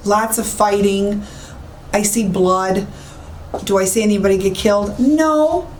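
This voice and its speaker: Her medium-pitched voice is a little mellow as this psychic medium gives commentary during a walk-through of an empty old police station indoors. She speaks with emphasis, repeating herself. The sound is echoey, carrying a faint background hiss.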